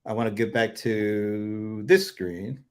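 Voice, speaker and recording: A man's voice: fairly low pitch, fairly even intonation, takes it slowly. Rambling, chuckling male show host. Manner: rambling, filler-heavy, chuckling. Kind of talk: casual livestream chat.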